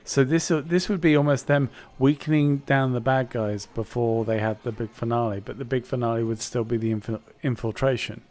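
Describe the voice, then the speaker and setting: A man's voice: mid-range voice, fairly even intonation, a little fast, hardly any pauses, a little mellow. Chatty man, film podcast. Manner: chatty, jokey, fond of mock impressions. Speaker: podcast co-host. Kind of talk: casual film chat.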